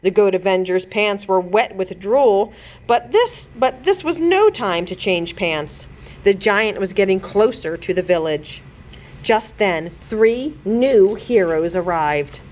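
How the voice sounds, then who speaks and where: Expressive, unhurried woman librarian reading aloud. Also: medium pitch. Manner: expressive, storytelling narration. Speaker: children's librarian. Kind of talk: children's book read-aloud.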